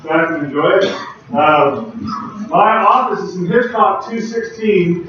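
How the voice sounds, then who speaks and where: A man's voice: high voice, slow pace, fairly bright tone. Casual male lecturer in an echoey hall. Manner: casual, conversational, chatty with asides. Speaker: university lecturer. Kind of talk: classroom lecture. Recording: very echoey hall, voice far from the mic, dull lo-fi sound, faint background hum.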